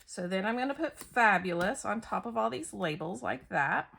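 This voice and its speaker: Working on a scrapbook layout, a middle-aged crafter chats casually, laughs at herself, and thinks out loud. Her mid-range voice is animated, moderately paced, gravelly, husky, and a bit bright.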